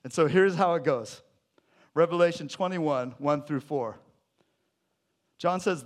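A man preaching in a church sanctuary with a slightly high voice. He talks to the congregation casually and jokes with them, then swings from loud, emphatic declarations down to hushed, quiet lines. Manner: conversational, joking with congregation. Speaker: pastor. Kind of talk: sermon.

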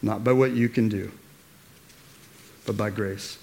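A man's voice: lowish voice, fairly even intonation, slow, darkish tone, slight background noise. A man preaching a sermon as pastor, in a casual, slangy way, rallying the congregation. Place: church.

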